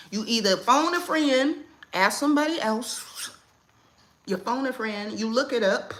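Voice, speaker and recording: Bright-voiced animated woman livestreaming from home. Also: mid-range voice, a little hiss or hum. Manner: animated, playful, talks to her kids and reads chat names mid-stream. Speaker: livestream host. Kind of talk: casual livestream chat.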